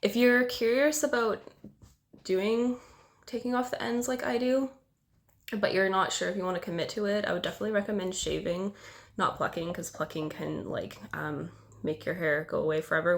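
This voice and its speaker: A woman's voice: mid-range voice, fairly even intonation, brisk. A young woman vlogger with a cold, sounding nasal and congested, talking casually to camera and rambling self-consciously with lots of filler words. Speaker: beauty vlogger.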